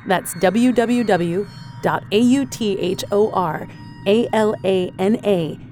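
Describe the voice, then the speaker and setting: A woman reading a scripted audiobook outro clearly and evenly, spelling out details. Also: medium pitch, takes it slowly, warm tone, soft background music. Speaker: audiobook announcer.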